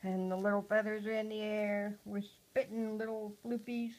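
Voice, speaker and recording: A woman at home talking to her pet parrot in a casual home video, cooing softly and often dropping to a hush. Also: mid-range voice, level tone, normal speed, hardly any pauses, low-quality recording. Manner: soft, cooing talk to a pet, often hushed.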